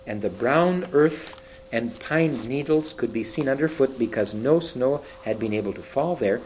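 Expressive man reading a children's story. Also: medium pitch, slight background noise, low-quality recording. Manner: expressive with occasional slips and restarts. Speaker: reader.

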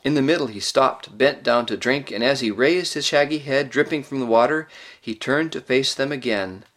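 A man narrating a storybook audiobook in a measured, expressive reading. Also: mid-range voice.

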